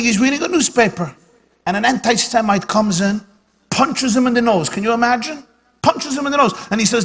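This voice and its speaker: A man's voice: high-pitched, a bit bright. A man, a rabbi, giving a humorous lecture at a dinner, with punchy comic timing and lines repeated for effect. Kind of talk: humorous speech with jokes and stories. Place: banquet hall at a dinner event. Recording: live hall recording with long reverb and faint room noise.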